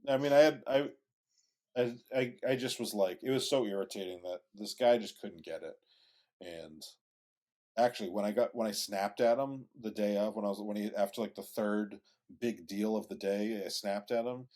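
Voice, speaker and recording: Male podcast co-host, low-ish voice, casual and rambling, drops profanity. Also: moderate pace, a little mellow. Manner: rambling, with restarts and swearing. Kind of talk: casual conversational storytelling.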